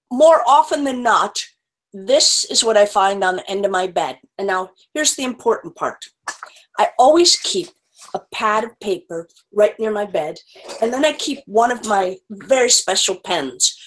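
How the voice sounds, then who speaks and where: A woman telling stories and reading poems to children in a playful, animated way, with animal sound effects, over a video call. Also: mid-range voice, rough recording. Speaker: children's storyteller.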